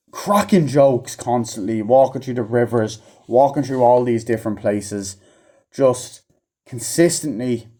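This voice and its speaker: A man's voice: medium pitch, mellow. A man giving a casual, rambling movie review, swearing constantly and acting out characters' lines in a raised voice.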